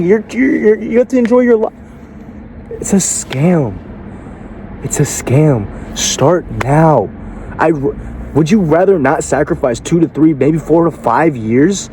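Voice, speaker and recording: A man's voice: a little high, warm tone, a little hiss or hum. Blunt man giving a profane motivational speech. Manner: rhetorical questions aimed at the listener. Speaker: motivational speaker.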